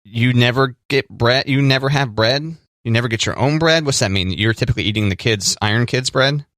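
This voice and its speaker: A man's voice: medium pitch, brisk, fairly bright tone, dry recording, studio quality. A man co-hosting a casual podcast, teasing and joking with his co-host. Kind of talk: casual chat.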